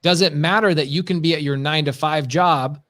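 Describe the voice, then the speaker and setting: Man, emphatic, preachy, rhetorical questions, slightly high voice. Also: brisk, a bit bright. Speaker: podcast co-host. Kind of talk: live-streamed business talk.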